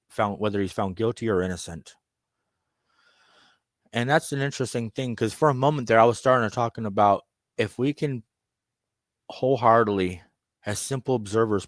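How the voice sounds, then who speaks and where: A man delivering a profane, rambling, conspiratorial monologue, swinging between loud outbursts and muttered asides. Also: fairly low pitch, no room sound, studio quality. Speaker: self-styled candidate addressing viewers. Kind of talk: ranting monologue.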